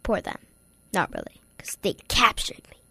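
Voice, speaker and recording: A woman hosting a story show, telling a playful tale with lively delivery and sudden whispered asides. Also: moderate pace, no echo. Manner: lively, acts out voices, drops to whispers. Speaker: storyteller host.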